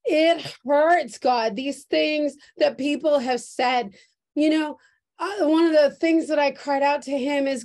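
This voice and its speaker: A woman pastor preaching a prophetic sermon in a slow, earnest, emotional way, repeating her phrases, heard over a video call. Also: sits high, a little mellow. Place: church service streamed on video call.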